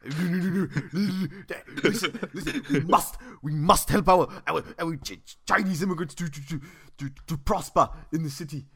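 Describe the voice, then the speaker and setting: A man's voice: fairly high pitch, moderate pace, vocal fry, few pauses, fairly bright tone, husky, pitched above the performer's own voice, full character voice. A man putting on the voice of a pompous, stammering posh politician who trips over his own words. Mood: blustering. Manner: pompous, bumbling, repeating words.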